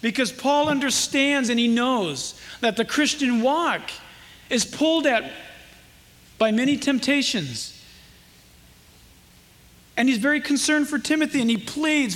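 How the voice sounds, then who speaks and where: A man preaching a sermon as pastor, with impassioned delivery and emphatic, drawn-out quotations. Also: very high-pitched, lively intonation, a bit bright, long reverb tail.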